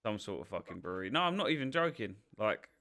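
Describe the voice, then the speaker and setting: A man co-hosting a casual live stream. He swears, laughs easily and mumbles quiet asides. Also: on the low side, very animated, fast, creaky, noisy background. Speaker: livestream co-host.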